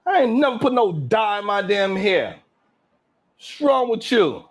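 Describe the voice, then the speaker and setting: A man hosting his own live stream show, boasting and trash-talking the haters in a loud, hyped rant full of cursing. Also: high voice, sing-song, unhurried. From Brownsville, Brooklyn.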